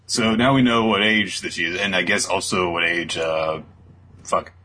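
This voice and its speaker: A man co-hosting a podcast, casually recapping a chapter in a rambling way, dropping into quick voices for characters. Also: low voice, steady tone, pushed and bright, slight background noise. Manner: rambling, many ums and quick put-on voices. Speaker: podcast co-host.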